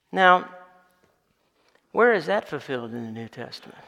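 A man's voice: high-pitched, expressive, moderate pace, a bit bright. A man preaching a sermon as pastor, building to emphatic calls for the congregation to answer. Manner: building to emphatic call-and-response. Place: church sanctuary. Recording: long reverb of a church hall.

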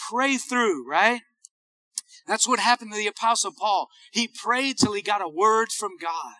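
A man preaches with rising fervor, calling out to the congregation again and again. His voice sits very high and rings sharp and tense, recorded close and dry with no room around it. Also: no room sound. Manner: fervent call-and-response preaching. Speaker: pastor. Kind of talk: sermon.

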